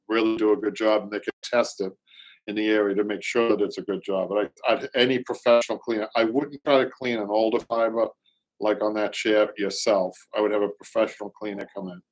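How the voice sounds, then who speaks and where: A middle-aged man with a Boston accent hosts a live show in casual chat, rambling and reading viewer comments aloud. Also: lowish voice. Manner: rambling, repeats words, reads comments aloud. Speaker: show host, upholsterer.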